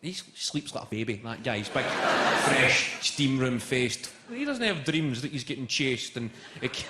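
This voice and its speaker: A man's voice: mid-range voice, lively intonation, a little slow. A man doing a rambling, exaggerated stand-up routine. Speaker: stand-up comedian. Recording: roomy venue with heavy noise.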